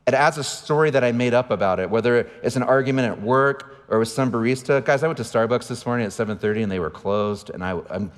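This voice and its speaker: Man in his 40s, pastor; conversational sermon, self-deprecating, mid-pitched voice, big hall reverb. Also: quick pace, few pauses. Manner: candid, self-deprecating humor. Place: large church auditorium.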